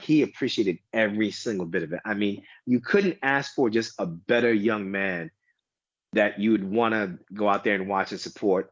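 A man from the United States chatting casually as a podcast guest, rambling with lots of restarts and animated asides. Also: on the low side, dry recording. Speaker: guest DJ and tennis fan. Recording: dull lo-fi dry sound.

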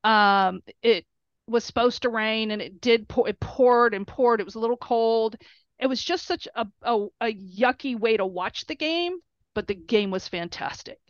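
A middle-aged woman, a player's mother, telling animated stories in an interview and acting out quotes in a shrill high voice. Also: moderate pace, dry recording. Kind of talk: storytelling interview. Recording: dull lo-fi recording.

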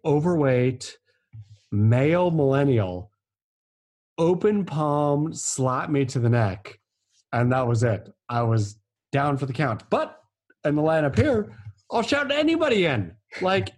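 Husky man with a lively, swinging pitch. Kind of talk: casual chat.

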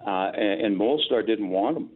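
An older man, a former sportscaster appearing as a guest, tells anecdotes in a storytelling interview, acting out the quotes with animation. His husky voice is on the low side at a normal speed, heard over a tinny, phone-like line.

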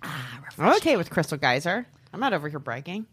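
A woman comedian co-hosts a podcast, firing off sarcastic, deadpan jabs at her friends. Her voice is bright and her pitch moves a lot. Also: a little fast, a little hiss or hum. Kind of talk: casual chat.

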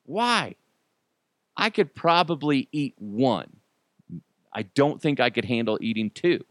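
A man's voice: mid-range voice, takes it slowly, long pauses, no room sound. Joking podcast host, a man. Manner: animated, jokey, mock outrage with silly put-on voices. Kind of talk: comedic podcast commentary.

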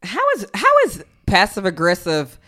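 Animated teasing woman co-host. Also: lowish voice, moderate pace. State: pregnant. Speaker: podcast co-host. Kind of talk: casual couple chat.

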